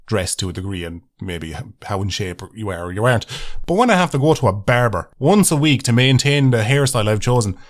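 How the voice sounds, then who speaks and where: A man delivering a sweary, mocking comedy rant, laughing often at his own stories. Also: lowish voice. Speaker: comedy vlogger. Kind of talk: casual ranting monologue.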